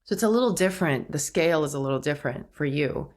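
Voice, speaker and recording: A woman's voice: low voice, lively intonation, fast talker, a little mellow. A woman hosting a solo podcast, talking reflectively, laughing at herself and acting out quoted thoughts. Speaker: podcast host.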